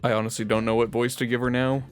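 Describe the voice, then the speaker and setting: A man co-hosting a game playthrough, reading characters in a playful, animated way. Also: mid-range voice, fast talker, clean tone, faint music behind. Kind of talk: casual voiced playthrough.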